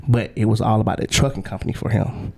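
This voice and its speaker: A young man telling a long personal story as a guest in a casual interview, slangy and animated, often acting out what others said. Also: on the low side, fast, gravelly, husky.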